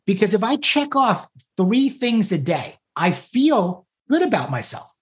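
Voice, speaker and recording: A man's voice: sits high, very animated, measured pace. Enthusiastic man talking goals. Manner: enthusiastic, repeats key phrases. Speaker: podcast co-host. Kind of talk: casual conversation.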